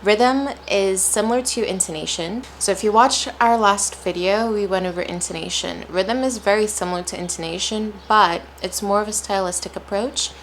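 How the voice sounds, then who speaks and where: A woman's voice: medium pitch, normal speed, few pauses, slight background noise. A young woman with an American accent teaching English pronunciation, stretching out example words with exaggerated stress. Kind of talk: slow, deliberate pronunciation lesson.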